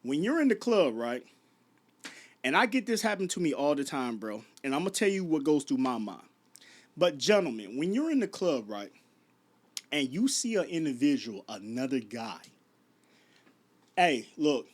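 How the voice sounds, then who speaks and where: A man, ranting late at night to his viewers, stumbling over restarts and firing off rhetorical questions. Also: fairly high pitch. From Chicago. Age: 30s. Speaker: vlogger. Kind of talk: late-night rant to camera.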